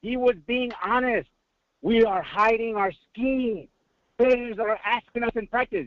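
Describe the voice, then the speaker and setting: A man's voice: very high-pitched, unhurried, dry recording. A male caller giving a hyped, preacher-like sports pep talk full of rhetorical questions, mixing in Spanish greetings. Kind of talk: excited call-in sports talk. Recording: muffled phone line audio.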